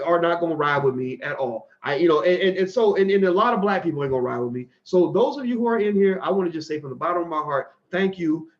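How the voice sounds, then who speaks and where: A man hosting a commentary channel, speaking with raw emotion, halting and restarting often and fighting back tears. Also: fairly high pitch, lo-fi sound. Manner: impassioned, halting with many restarts. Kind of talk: emotional direct-to-camera commentary.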